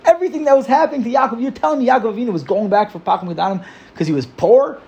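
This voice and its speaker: A man voicing a fretful poor man who protests in a high, rising whine. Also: rapid-fire, gravelly, darkish tone. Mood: protesting. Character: fretful poor man arguing his case.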